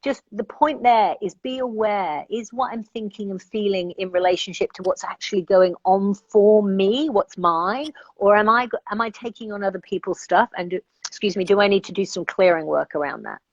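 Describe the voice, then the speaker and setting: A woman's voice: medium pitch, moderate pace, no room sound, lo-fi sound. A woman life coach speaking as a guest in an interview, earnest and reflective, thinking aloud and checking that the listener follows her.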